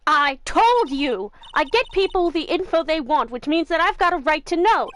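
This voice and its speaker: A woman's voice: high-pitched, expressive, moderate pace, a bit bright, slight background noise. A woman voicing a pushy female journalist with a put-on Southern accent and a brash, insistent manner. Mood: indignant. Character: loud gossip-hungry woman journalist, pushy. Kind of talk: game voice reading.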